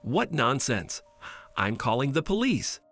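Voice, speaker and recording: Guy doing a strict mom, scolding n sharp, soft music in back. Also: mid-range voice, very animated, unhurried, full character voice. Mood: stern. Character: protective stern mother, quick to anger.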